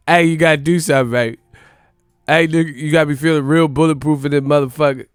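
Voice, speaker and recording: A man's voice: fairly high pitch, fairly even intonation, normal speed, clear, resonant tone, dry recording, studio quality, voice pushed up, close to an everyday voice. A man putting on the voice of a swaggering, tough-talking male rapper as an impression, taunting and cocky.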